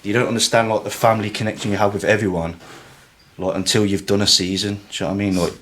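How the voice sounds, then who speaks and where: A man's voice: lowish voice, little pitch movement, fast, fairly bright tone, a little hiss or hum. A young man talking casually on a podcast, rambling and swearing, with lots of fillers. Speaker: podcast guest. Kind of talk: emotional casual chat.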